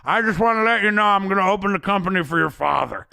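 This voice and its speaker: A man's voice: high-pitched, animated, fast, vocal fry, pushed and bright, a little hiss or hum, pitched above the performer's own voice, heavily acted. A man doing a boozy boss's overblown eulogy. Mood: mock-solemn. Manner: mock-solemn, overblown. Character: boozy middle-aged male boss making a solemn speech.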